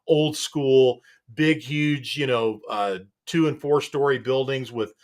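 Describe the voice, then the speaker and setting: A man hosts a relaxed studio chat at a middle pitch. He talks in a loose, rambling way and often chuckles between thoughts. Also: takes it slowly. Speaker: show host.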